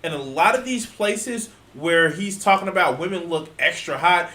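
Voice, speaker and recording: A man in an echoey room rants in an exasperated, sarcastic way and swears freely. His voice is bright and sits a little high. He argues back in loose, rambling commentary. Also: moderate pace. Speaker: reaction video host. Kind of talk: ranting reaction commentary.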